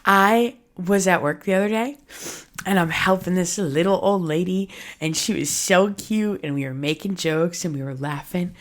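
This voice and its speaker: A young woman hosting her own podcast, talking frankly and emotionally about her past, full of "like" fillers and casual swearing. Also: deep voice. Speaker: podcast host. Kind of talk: candid personal monologue.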